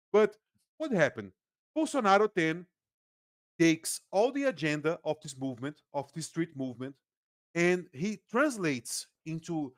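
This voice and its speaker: On a relaxed podcast, a political analyst from Brazil with a Brazilian accent, a native Portuguese speaker, talks with lively energy, quick laughter and frequent sentence restarts. His voice is a little high; the studio-quality audio has no echo.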